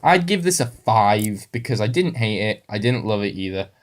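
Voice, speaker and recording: A man's voice: fairly low pitch, big pitch swings, normal speed. A man giving a casual spoken film review, rambling and self-correcting with a wry, amused tone. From United Kingdom.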